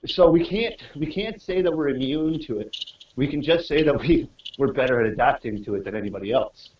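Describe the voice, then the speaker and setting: A man's voice: mid-range voice, animated, a little fast, a little hiss or hum. Swearing man on a pocketed phone. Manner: swearing, laughing, restarting sentences. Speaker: live stream co-host. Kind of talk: casual live chat while walking. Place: out walking, then a convenience store. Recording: muffled, roomy, distant phone mic.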